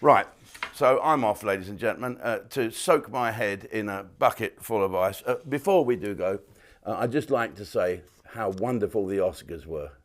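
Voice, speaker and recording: A man's voice: fairly low pitch, normal speed. Older man, chatty comic monologue. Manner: chatty, rambling, joke-telling. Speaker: comedian and host. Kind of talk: casual monologue to camera. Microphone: clip-on mic.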